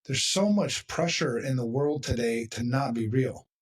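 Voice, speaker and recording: A husky man hosting a podcast in loose, casual chat. He talks bluntly and with emphasis, and he swears freely. His voice sits back from the mic. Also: mid-range voice, expressive, normal speed, far from the mic. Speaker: podcast host.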